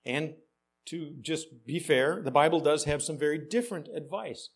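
A male pastor delivers a sermon to his congregation in a slightly higher-than-usual voice. His humor is dry and ironic, and he often throws questions out to the room. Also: moderate pace, husky.

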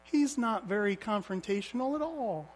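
A man's voice: sits high, animated, normal speed, slight background noise. A man preaching a sermon as a pastor, telling stories vividly and asking the congregation rhetorical questions.

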